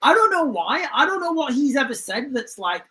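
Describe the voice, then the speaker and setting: A man's voice: very high-pitched, sing-song, moderate pace, sharp tone. A man hosting a casual commentary livestream, rambling, restarting his sentences and calling his viewers guys. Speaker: livestream host. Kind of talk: casual political commentary stream.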